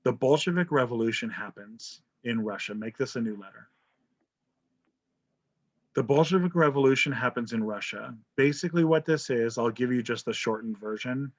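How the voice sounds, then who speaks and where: A man's voice: mid-range voice, moderate pace. A man teaching an online history class, talking casually, joking and checking in with "right?". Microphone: video call. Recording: dull lo-fi video call audio.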